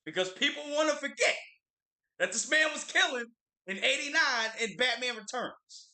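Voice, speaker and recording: A man co-hosting a livestream, chatting in an opinionated, emphatic way. His voice sits high and swings a lot, with a very bright, sharp edge. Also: normal speed, roomy sound. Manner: animated, opinionated, repeats words for emphasis. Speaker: livestream co-host. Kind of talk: casual pop-culture chat.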